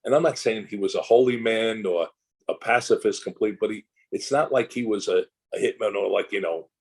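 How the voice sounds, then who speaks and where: A man's voice: lowish voice, a little fast, poor audio. An older man, an actor guest in a casual interview, telling long rambling anecdotes full of restarts and asides.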